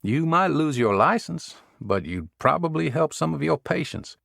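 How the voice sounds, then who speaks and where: A man's voice: on the high side, very animated, normal speed, creaky, a bit bright, no echo, clean studio sound, pitched above the performer's own voice, heavily acted. A man voicing a wry, confident male Secret Service agent in an audiobook.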